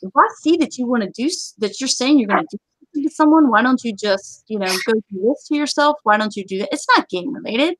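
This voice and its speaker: In a low-quality recording with no room sound, a woman runs a casual live-stream chat, laughing readily and growing stern as she warns her audience. She speaks briskly in a high voice with lively intonation and is very talkative.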